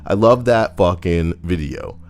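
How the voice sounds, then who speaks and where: A man co-hosting a podcast, ranting in a profane, heated, animated way. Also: deep voice, unhurried. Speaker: podcast co-host. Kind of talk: casual ranting commentary.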